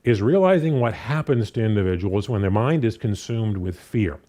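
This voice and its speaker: A man preaching a sermon in an easygoing, conversational manner, full of restarts and "you know" fillers. His voice is mellow and warm, and his pitch rises and falls a lot as he reads scripture and acts out the speakers in it. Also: normal speed. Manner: reads scripture aloud and paraphrases it with animated voices.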